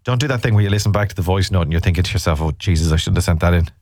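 A man's voice: sits low, rapid-fire, darkish tone, dry recording, clean studio sound. An Irish man hosting a radio show, chatting casually and teasing listeners as he rambles through the day's topics. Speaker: radio host. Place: radio studio.

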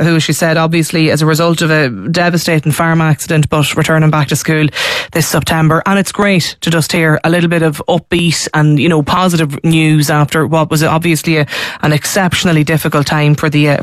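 A man's voice: fairly high pitch, no room sound, clean studio sound. An Irish man hosting a live radio talk show, fluent and friendly, with plenty of fillers. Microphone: studio microphone.

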